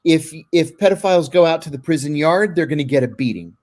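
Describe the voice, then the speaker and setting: Speaking at a quick pace in a slightly high, darkish-toned voice, a man being interviewed tells blunt, vivid anecdotes. He acts out what people said as he goes.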